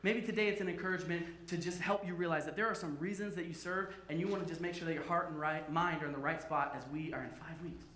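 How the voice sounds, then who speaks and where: A man with a high, bright voice preaches a lively sermon, cracking jokes with the congregation between points. His voice rings through an echoey church sanctuary, with a faint murmur of room ambience underneath. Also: fast, few pauses, slight background noise. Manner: playful, joking with the congregation. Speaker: pastor.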